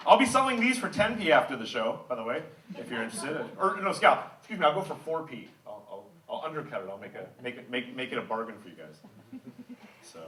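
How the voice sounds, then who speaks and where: Brief: American male stand-up, bright animated delivery, wry self-mockery, echoey live room, mic a little distant. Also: medium pitch, quick pace, slight background noise. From United States. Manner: wry, self-mocking, chatty with the crowd. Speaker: stand-up comedian. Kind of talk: stand-up comedy set. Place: live comedy venue with audience.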